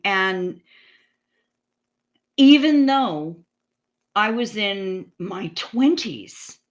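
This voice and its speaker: A woman's voice: medium pitch, lively intonation, drawn-out words, long pauses. A woman in her forties from the United States, chatting casually with her livestream viewers, rambling and swearing freely. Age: 40s. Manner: profane, rambling, talks back to chat. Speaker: livestream host. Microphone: streaming setup.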